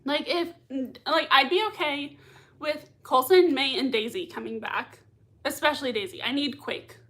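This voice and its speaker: Woman, high-pitched, excitable, giggly, casual livestream host reading chat. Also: normal speed. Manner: excitable, giggly, many fillers. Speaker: livestream host reacting to a TV show.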